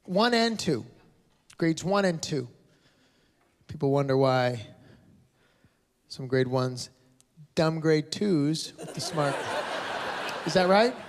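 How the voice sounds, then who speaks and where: A man's voice: a little high, animated, slow, pauses often, a little hiss or hum. A man doing stand-up comedy with crowd work, blunt and teasing, from Canada with a Canadian accent. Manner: sarcastic, blunt, teasing the audience. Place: large live venue with audience laughter.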